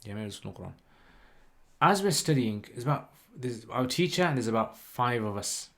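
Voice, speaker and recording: A man, hosting a livestream and telling a story in a rambling, lively way with lots of fillers. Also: medium pitch, normal speed. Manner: rambling, animated retelling with many "like" and "you know" fillers. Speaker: channel host.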